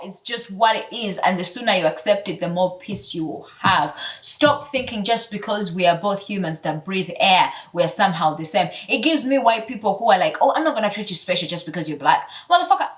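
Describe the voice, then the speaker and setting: A woman in her twenties ranting casually to camera, heated and profane, swinging between loud outbursts and low mutters. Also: animated, normal speed, hardly any pauses, distant mic. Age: 20s. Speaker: vlogger.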